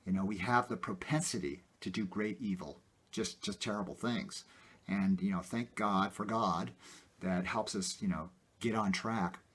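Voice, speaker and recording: Husky low-voiced man, rambling and animated. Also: moderate pace. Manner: rambling, many "you know" fillers, animated. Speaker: video host. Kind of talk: casual personal talk to camera.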